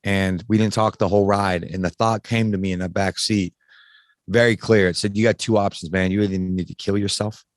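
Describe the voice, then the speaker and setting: A man in his thirties speaks in a fairly low voice, recorded dry and close with no room sound. He tells a personal story casually and bluntly, with frank swearing and frequent restarts. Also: fairly even intonation, a little fast, no echo. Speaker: podcast guest. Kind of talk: candid personal story in conversation.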